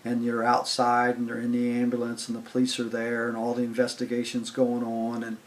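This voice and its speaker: An older man spins a long, casual anecdote at his own loose pace. His voice sits at an ordinary middle pitch, and his telling wanders with fillers and restarts as he recounts what happened. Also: completely flat delivery, brisk, a little hiss or hum. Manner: rambling, conversational, heavy on "I was like" and fillers. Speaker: channel host telling stories. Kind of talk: casual storytelling.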